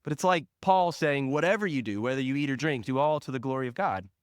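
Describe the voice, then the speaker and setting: A man preaching a sermon as pastor, leaning hard on single words and letting phrase ends fall soft and low. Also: animated, clear, resonant tone, dry recording, clean studio sound. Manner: slow, emphatic stress on single words.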